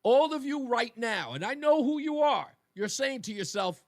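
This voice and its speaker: Emphatic talk radio host, lively high voice. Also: male voice, normal speed, few pauses, dry recording, studio quality. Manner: emphatic, animated, addresses listeners directly.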